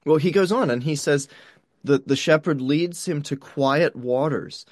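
A man's voice: a little high, a little slow, no room sound, studio quality. A man preaching a sermon in a conversational way, often checking in with the listeners and repeating words as he goes. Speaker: pastor.

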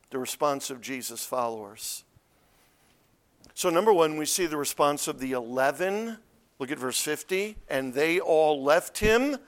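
A man preaching an expository sermon, swinging from loud, emphatic peaks to quiet, low asides. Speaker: pastor.

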